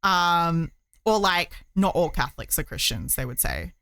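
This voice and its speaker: A woman's voice: on the low side, very animated, measured pace, a bit bright, clear, resonant tone, dry recording, clean studio sound. A woman streamer chatting casually while she crochets, rambling with many fillers.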